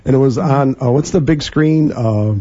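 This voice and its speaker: A man co-hosting a casual radio talk show, halting and full of fillers and stammered restarts. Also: medium pitch, mellow, lo-fi sound. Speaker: co-host.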